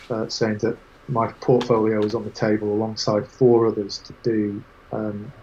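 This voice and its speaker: A man as an interview guest, telling lively anecdotes with quoted voices in casual chat. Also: lowish voice, muffled recording. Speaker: guest photographer.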